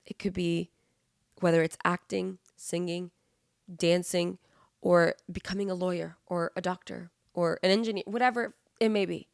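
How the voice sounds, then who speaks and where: Young woman with vocal fry, earnest. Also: lowish voice, fairly even intonation, moderate pace, dry recording, studio quality. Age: 20s. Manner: earnest, motivational, rambling with many fillers. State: sick with the flu. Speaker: podcast host. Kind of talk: casual solo podcast monologue.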